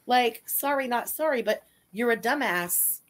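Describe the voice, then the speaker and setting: A woman's voice: fairly high pitch, animated, unhurried, a crowd in the background. A woman co-hosting a stream, reading super chats aloud and giving blunt, dismissive opinions. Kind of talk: casual stream chat.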